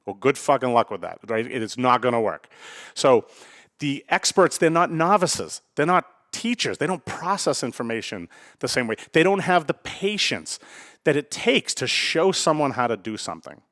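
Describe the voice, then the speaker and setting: A man talks through a solo podcast in a blunt, casual style. He keeps checking in with a quick "right?" and swears freely, at a middle pitch. The recording is dry and close. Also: big pitch swings, a bit bright, no echo. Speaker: podcast host.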